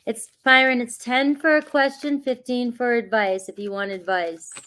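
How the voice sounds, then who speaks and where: A woman's voice: on the high side, steady tone, normal speed, a bit bright. A woman doing a casual livestream as a tarot reader, chatty and reassuring, greeting viewers by name and laughing often. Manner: reassuring, grounding spiritual guidance.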